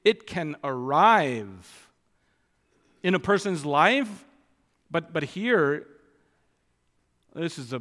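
A man preaches an expository sermon, speaking slowly and deliberately in a fairly high voice. He leans hard on key phrases, drawing them out for emphasis, and a long echo trails behind him as in a large hall. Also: fairly bright tone.

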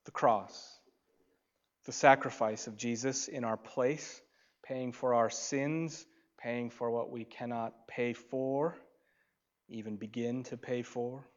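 A pastor preaches a sermon at an unhurried pace in a mid-range voice with fairly even intonation. His delivery swings between loud, emphatic lines and soft, hushed asides, and the recording sounds dull and lo-fi.

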